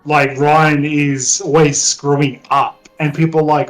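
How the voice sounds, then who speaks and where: A man's voice: a little high, level tone, slow, faint music behind, poor audio. Thoughtful male podcast guest, lighter voice. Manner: thoughtful, hedging with 'sort of' and 'like'. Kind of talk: casual chat.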